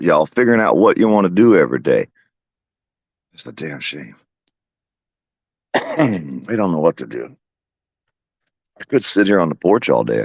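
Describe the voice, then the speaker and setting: Telling profane, folksy stories and laughing, a very deep, gravelly-voiced man rambles casually from his porch outdoors, addressing viewers and his pets. The vlog recording is muffled, with no room sound.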